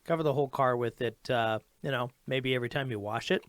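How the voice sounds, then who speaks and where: A man co-hosting a casual livestream Q&A, answering viewer questions in an easygoing, animated way. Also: medium pitch, fast talker, dry recording, clean studio sound. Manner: animated, easygoing, laughs often.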